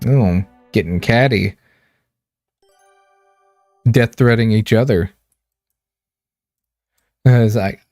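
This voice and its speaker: A man streaming a game, reading text aloud with relaxed, wry asides. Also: fairly low pitch, slow pace, creaky, pauses often, dry recording, clean studio sound, faint music behind.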